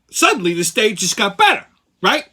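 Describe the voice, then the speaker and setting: A man's voice: fairly high pitch, bright, forceful tone. A man hosting his own channel, telling a heated, profane story in a casual rant. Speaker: channel host.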